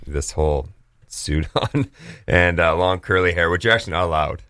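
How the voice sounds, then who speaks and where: A man's voice: deep voice, moderate pace, bright, forceful tone, no room sound, clean studio sound. A young Canadian man with a Canadian accent, co-hosting a radio show and telling a story with frequent laughs. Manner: laughs often while telling stories. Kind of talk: casual radio banter, storytelling.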